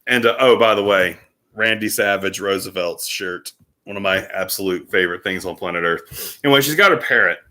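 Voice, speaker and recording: Speaking to the camera, a male vlogger casually tells a personal story in an animated way, full of filler words. His voice is low and his delivery brisk.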